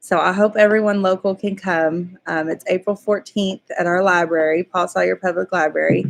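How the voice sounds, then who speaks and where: A woman's voice: fairly low pitch, fairly even intonation, moderate pace, gravelly. A woman co-hosting a casual homestead livestream, laughing often and greeting viewers by name. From Kentucky. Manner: giggly, reads out viewer names. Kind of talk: casual live chat.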